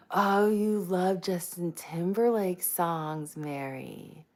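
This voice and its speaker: A woman's voice: fairly low pitch, very slow. A woman hosting a casual live stream, chatty and self-mocking, greeting viewers by name.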